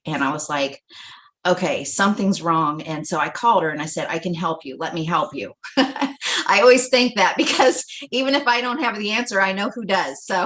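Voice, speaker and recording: Animated middle-aged woman telling a story. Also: fairly low pitch. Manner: animated, acts out dialogue, laughs often. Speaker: livestream guest. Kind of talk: storytelling testimonial.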